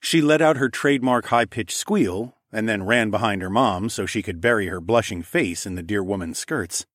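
Male narrator, low voice, dry close recording, first-person fantasy audiobook, lively, swears casually. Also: moderate pace, no echo.

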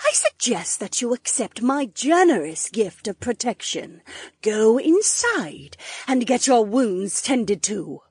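A woman's voice: takes it slowly, breathy edge, dry recording, heavily acted. A woman reading an audiobook's dialogue, voicing several characters with wide swings in her voice. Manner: expressive, shifts pitch widely between characters.

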